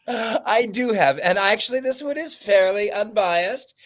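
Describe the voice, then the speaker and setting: A man with a slightly high voice co-hosts a casual panel over a video call. He talks in a loose, rambling way and gets flustered now and then. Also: fairly bright tone, slight background noise. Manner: flustered, rambling self-introduction. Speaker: co-host.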